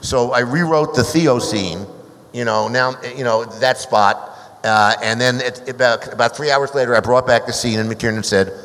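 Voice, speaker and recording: A man's voice: medium pitch, moderate pace. Rambling man telling a set story. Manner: rambling storyteller with many restarts, animated when quoting others. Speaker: screenwriter guest. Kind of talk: anecdotal panel talk. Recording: hall reverb.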